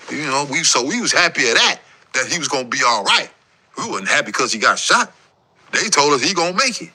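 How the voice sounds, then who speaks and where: A man's voice: a little high, sing-song, quick pace, bright, forceful tone, husky. A man as a guest in a casual interview, telling his story in emphatic street slang.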